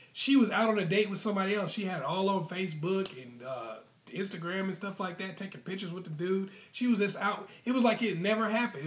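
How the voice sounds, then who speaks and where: A man's voice: on the high side, a bit bright, reverberant. Chatty man giving relationship advice. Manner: conversational, retells clients' stories with many fillers. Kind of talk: casual advice monologue.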